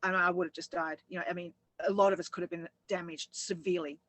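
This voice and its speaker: A woman's voice: fairly low pitch, fairly even intonation, fast talker, a bit bright, poor audio. A woman co-hosting a casual chat, rambling and laughing as she tells her story. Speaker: co-host.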